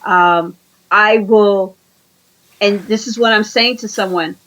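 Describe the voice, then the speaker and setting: A woman's voice: medium pitch, steady tone, slow, a bit bright, low-quality recording. A woman being interviewed, giving earnest conversational coaching advice and often repeating her phrases. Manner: earnest, repeats phrases, acts out quoted dialogue. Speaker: interview guest.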